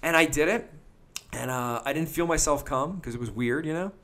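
A middle-aged man, hosting a podcast and telling crude, comic stories with lots of swearing and bursts of loud put-on voices. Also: a little high, moderate pace. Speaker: podcast host. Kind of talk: crude comedic storytelling.

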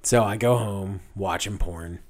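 A man in his thirties casually telling a long, animated anecdote on a podcast, laughing at his own story. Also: lowish voice, measured pace. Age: 30s. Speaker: podcast guest.

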